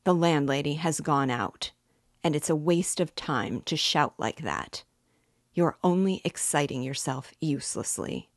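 Woman reader voicing a menacing, obsessive nobleman; low, slow, quietly intense. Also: expressive, no echo, studio quality, full character voice. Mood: cold, mocking. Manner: slow, quietly intense pleading turning coldly mocking. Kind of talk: audiobook reading.

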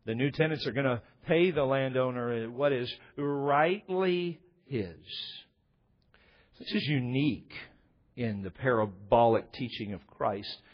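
A man's voice: medium pitch, expressive, unhurried, lo-fi sound. A man preaching a sermon, emphatic, with his voice rising and falling in bursts as he expounds a passage. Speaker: pastor.

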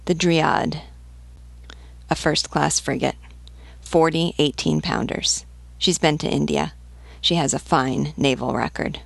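A woman's voice: sits low, takes it slowly, gravelly, dry recording, exaggerated voice. A woman reading the lines of a knowledgeable male ship's pilot who lists enemy ships in a matter-of-fact way.

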